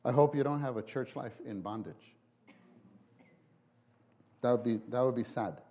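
A man preaching a sermon, halting and repeating himself, then acting out quotes with sudden big jumps in voice. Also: medium pitch, mellow. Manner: halting restarts, repeats words.

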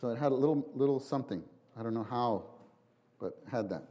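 A man preaching a sermon, halting and repeating himself, then acting out quotes with sudden big jumps in voice. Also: medium pitch, dark tone. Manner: halting restarts, repeats words.

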